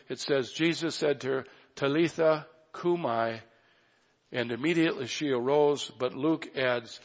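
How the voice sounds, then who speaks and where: A man preaching a sermon with a gravelly, fry-tinged voice, pressing his points earnestly and slowing down on the phrases he wants to land. The recording is muffled and dull, and his words ring out with a long reverb as if in a big church hall. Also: medium pitch. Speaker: pastor.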